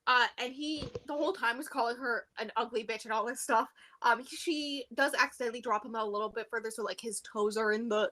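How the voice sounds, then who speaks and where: Young woman, high bright voice, animated casual podcast recap. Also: a little fast, few pauses. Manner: animated retelling, acts out quotes in a high squeal. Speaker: podcast co-host. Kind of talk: casual book recap chat.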